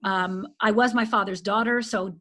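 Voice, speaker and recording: A middle-aged woman from Upper Michigan, a life coach guest, telling a painful personal story earnestly and dropping to a hush at the hardest moments. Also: mid-range voice, fairly even intonation, normal speed. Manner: earnest, intense, often drops to a hush.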